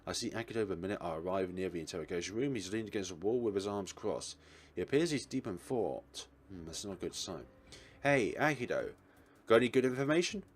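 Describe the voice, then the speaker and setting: A man's voice: deep voice, animated, quick pace, darkish tone, husky. A man hosting a let's play, reading a visual novel in first person and voicing the protagonist with a dry, wry manner.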